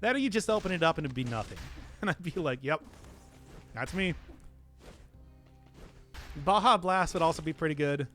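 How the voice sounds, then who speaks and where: High, lively Midwestern man streaming. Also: fast, faint music behind. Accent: Midwestern American. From American Midwest. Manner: rambling, giggly, laughs often. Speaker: game streamer. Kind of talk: live gameplay commentary, casual chat.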